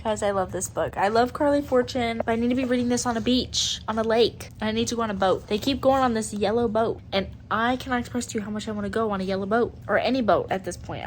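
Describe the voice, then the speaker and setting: A young woman chatting excitedly in a casual book vlog, gushing over what she reads, with gasps and laughs. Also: medium pitch. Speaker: book vlogger. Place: home at night.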